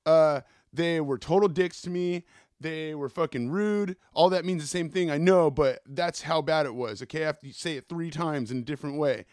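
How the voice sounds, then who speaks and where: A man hosts his own podcast, spinning loose, cussing stories in an easygoing monologue. His voice sits a little high. The sound is dry and close, with no room around it. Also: moderate pace, darkish tone, no room sound. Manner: profane, rambling storyteller. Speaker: podcast host. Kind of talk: casual solo podcast monologue.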